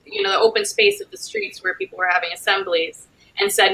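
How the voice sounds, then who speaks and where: A woman's voice: medium pitch, wildly swooping pitch, a little fast, vocal fry, pushed and bright, rough recording. A woman moderating a casual panel conversation, thinking aloud with loose phrasing and frequent fillers.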